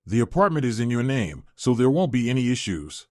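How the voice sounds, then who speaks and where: A betrayed young woman, as a man reads her, firm and cold in every word. Her pitch moves a lot, and the sound is dry and close. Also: big pitch swings, brisk, darkish tone, no room sound, lightly acted.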